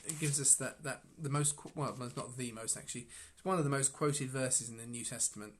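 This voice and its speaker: Musing man giving a halting Bible reflection. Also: mid-range voice. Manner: musing, halting, with frequent restarts and soft chuckles. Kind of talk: informal devotional reflection.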